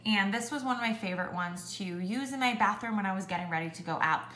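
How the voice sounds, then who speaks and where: A young woman chatting casually through a product review, with lots of "like" and an animated way of telling stories. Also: mid-range voice, quick pace, slight background noise. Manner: chatty, heavy use of "like", animated when ranting. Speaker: beauty vlogger. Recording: echoey room.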